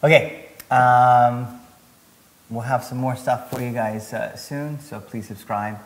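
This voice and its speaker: A man's voice: medium pitch, fairly even intonation, takes it slowly. A male podcast host asking questions in short, friendly prompts and signing off the episode. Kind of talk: casual interview talk.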